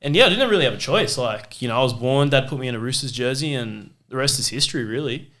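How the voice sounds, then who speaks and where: A man's voice: mid-range voice, animated, fast, fairly bright tone. A young Australian man hosting a fan podcast, chatting casually and telling stories with a laugh. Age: young adult. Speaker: podcast host. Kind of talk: casual chat.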